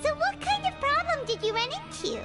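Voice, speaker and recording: A woman's voice: very high-pitched, big pitch swings, fairly quick. A woman voicing a tiny, curious girlish companion creature in a video game, blunt and bouncy. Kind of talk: game voice acting. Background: game music.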